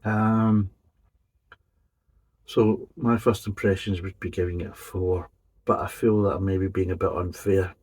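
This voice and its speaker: A man's voice: sits low, fairly even intonation, measured pace, long pauses, a little mellow, husky, poor audio. A man giving a casual, methodical beer review, describing each flavour in detail. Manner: methodical, detailed tasting commentary.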